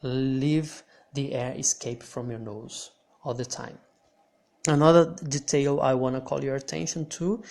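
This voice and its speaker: A man teaching pronunciation in English, patient and pausing with restarts. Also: medium pitch, darkish tone. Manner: patient, hesitant restarts, repeats words for practice. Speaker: language teacher. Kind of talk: slow explanatory lesson.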